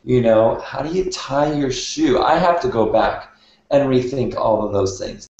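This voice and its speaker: A man's voice: mid-range voice, expressive, measured pace, a little mellow. A man on a discussion panel reflecting on teaching his young son, speaking in a thoughtful, anecdotal way. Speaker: parent panelist. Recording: very echoey, dull room sound.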